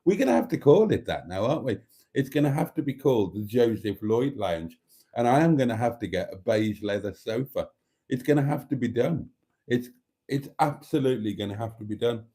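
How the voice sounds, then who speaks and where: A British man hosting a casual livestream, reading viewer comments aloud and joking back, with chuckles and throat-clearing. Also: mid-range voice, lively intonation, a little fast, dark tone. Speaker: livestream host.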